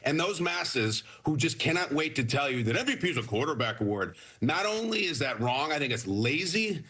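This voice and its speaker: A man argues his football pick with emphatic conviction, his voice sharp and forceful. There is a husky grain to it. He speaks as a sports talk co-host in a lively debate. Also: a little high, moderate pace.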